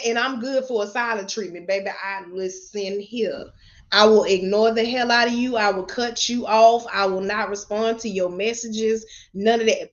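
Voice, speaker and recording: Blunt, profane woman on a lo-fi livestream. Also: on the high side. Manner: blunt, profane, laughs often. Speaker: motivational speaker. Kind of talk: live-stream motivational talk. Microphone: webcam or phone camera.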